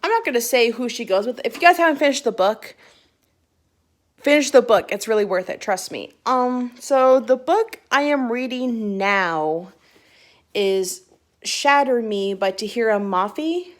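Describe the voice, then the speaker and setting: A woman's voice: on the high side, expressive, measured pace. A young woman chatting casually to her phone camera about books she read, giggly and rambling with restarts. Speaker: book vlogger. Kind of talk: casual book chat to camera.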